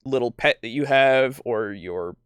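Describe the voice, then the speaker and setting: A man in easy, casual conversation, hedging his points and adding little laughs. His voice sits at a middle pitch and is recorded close and dry. He sounds like a podcast co-host among friends. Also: a little slow, clear, resonant tone, dry recording. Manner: relaxed, hedging, with fillers and small laughs. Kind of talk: casual chat.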